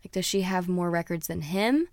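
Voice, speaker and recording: A woman's voice: on the low side, normal speed, dry recording, clean studio sound. A young woman chatting casually as a music reviewer, rambling and dropping into whispered asides. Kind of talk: casual chat.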